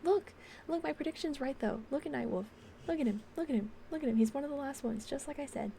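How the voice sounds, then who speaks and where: A woman streamer chatting casually on a live stream, rambling and giggling, often dropping into soft whispers close to a desk microphone. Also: high-pitched, fast talker, gravelly, slight background noise. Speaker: ASMR streamer. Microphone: desk microphone on a stand.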